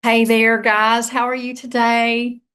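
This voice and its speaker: A woman's voice: on the high side, flat delivery, slow, fairly bright tone, clean tone. A woman from East Tennessee with a Southern accent, a guest coach chatting easily on a podcast. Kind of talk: casual podcast interview.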